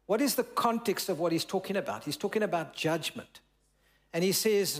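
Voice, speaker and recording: A man's voice: high voice, animated, moderate pace. A male pastor preaching a sermon in church, reading scripture aloud and explaining it, asking the congregation questions and drawing out words for emphasis.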